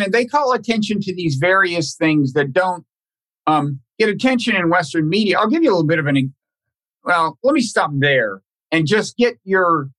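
A man hosting a podcast conversation, talking in a halting, thoughtful way with many restarts and repeated words. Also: high-pitched, a bit bright. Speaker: podcast host. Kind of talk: casual conversational interview.

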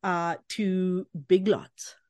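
A woman's voice: fairly low pitch, level tone, drawn-out words, a little mellow, no echo, clean studio sound. A woman co-hosting a podcast, chatting casually and enthusiastically, often restarting her sentences. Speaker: podcast co-host. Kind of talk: casual chat.

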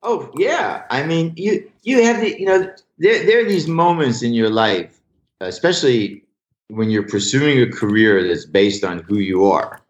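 A man, a comedian and joke writer, telling stories in casual talk, animated, acting out quotes and swearing freely. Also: medium pitch, a little slow, reverberant, dull audio. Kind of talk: casual storytelling interview.

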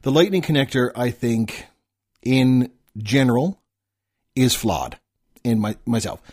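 Husky-voiced easygoing male co-host. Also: medium pitch, measured pace, darkish tone. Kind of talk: casual tech chat.

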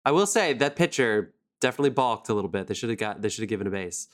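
A man's voice: lowish voice, expressive, racing. A man hosting a podcast, casually chatting about a film with loose, swearing banter. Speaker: podcast host.

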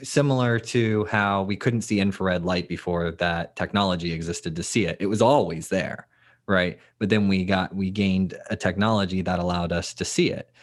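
A man's voice: sits low, normal speed. A man hosting a podcast, musing in a speculative way and laughing easily. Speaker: podcast host. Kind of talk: casual podcast conversation.

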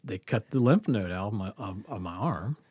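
A man's voice: lowish voice, moderate pace, breathy edge, no echo. A man casually telling a personal story, acting out the voices in it and laughing often. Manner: animated, acts out quotes, laughs often. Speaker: guest storyteller.

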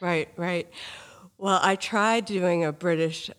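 A woman's voice: on the low side, slow, clean tone. A woman hosting a podcast interview, gushing and telling a personal story with feeling. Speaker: podcast host. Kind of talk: casual interview talk.

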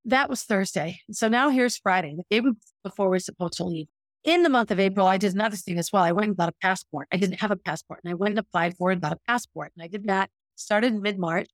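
A woman's voice: mid-range voice, fast, no room sound, clean studio sound. A middle-aged woman hosting a podcast, telling a personal story in a candid, reflective, self-critical way. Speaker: podcast host.

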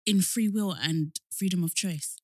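A woman's voice: fairly low pitch, unhurried, a little mellow, no room sound, studio quality. A woman in a casual chat with a friend, laid-back and giggly.

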